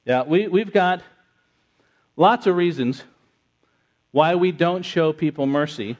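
A middle-aged man preaching an interactive sermon, conversational and animated, repeating answers from the congregation. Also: a little high, takes it slowly, pauses often. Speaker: pastor.

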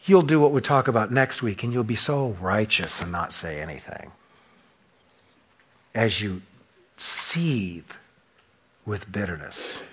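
A pastor delivers an impassioned sermon to his church congregation, posing rhetorical questions and swinging from loud emphasis to hushed drops. His voice sits on the lower side and carries a breathy edge.

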